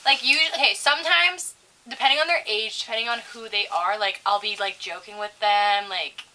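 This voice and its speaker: Bright, foul-mouthed young woman. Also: medium pitch, a little fast, low-quality recording. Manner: profane, animated storyteller. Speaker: co-host. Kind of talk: casual chat.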